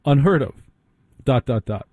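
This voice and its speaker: A man telling a story in a wry, exasperated way, breaking off for quick asides to his listeners. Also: medium pitch, lively intonation, dry recording, narrow, tinny audio. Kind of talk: storytelling monologue.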